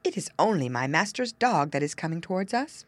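A woman voicing a wary, wily male rooster in a storybook reading, with a mock-innocent, drawn-out manner. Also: lowish voice, sing-song, no room sound, voice pushed down. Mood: teasing.

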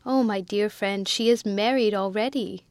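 A woman's voice: medium pitch, moderate pace, no room sound, natural voice. A woman voicing a timid, fluttery spinster companion who speaks in a nervous, prim way.

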